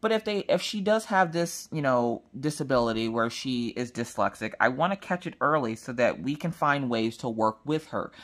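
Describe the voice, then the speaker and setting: A woman's voice: extremely low pitch, expressive, normal speed, few pauses. A woman in her thirties chatting casually while crafting, rambling through family stories. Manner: chatty, rambling storytelling with quoted dialogue. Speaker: crafting vlogger.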